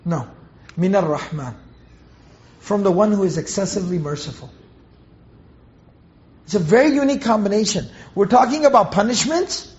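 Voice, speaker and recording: A man with a strikingly high voice teaches a Quran commentary lesson. He breaks down each word and keeps posing rhetorical questions. The recording sounds dull and lo-fi. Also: darkish tone.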